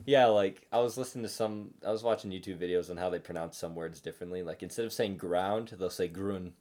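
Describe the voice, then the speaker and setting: A man's voice: deep voice, steady tone, quick pace, darkish tone, slight background noise. A young man in casual conversation, laughing often and swearing freely in loose, slangy talk. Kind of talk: casual chat.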